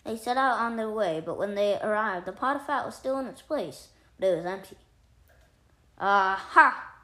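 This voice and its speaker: A woman reads a fairy tale aloud in a calm, measured way. Her voice sits in a middle range. The room around her is roomy and echoing. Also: mid-range voice. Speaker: storyteller. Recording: roomy echo.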